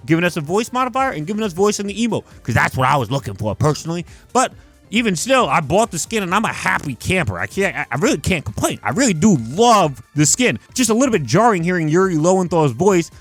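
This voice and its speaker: A man's voice: high-pitched, very animated, fast, fairly bright tone, soft background music. A young man hosting a casual video-game review, emphatic and swearing freely. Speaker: gaming video host.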